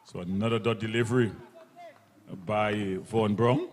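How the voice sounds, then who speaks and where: A man giving live ball-by-ball cricket commentary, briskly describing field placings and correcting himself as he goes. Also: lowish voice, fairly even intonation, long reverb tail. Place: local cricket ground broadcast.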